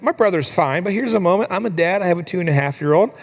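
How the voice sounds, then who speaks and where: Young guy preaching in church, kinda high voice, tells stories with a lot of life in them. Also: fast. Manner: storytelling, animated when quoting his daughter. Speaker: pastor. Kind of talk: sermon.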